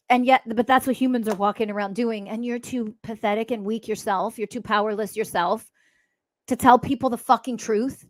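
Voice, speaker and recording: A woman's voice: on the high side, moderate pace, no echo. Woman, podcast host, blunt, profane, mocking, dry sound. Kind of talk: spiritual podcast monologue.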